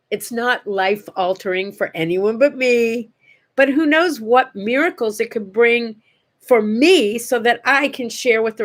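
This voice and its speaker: An older woman hosting a casual morning chat, telling stories in an animated way and acting out the voices in them. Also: medium pitch. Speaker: host.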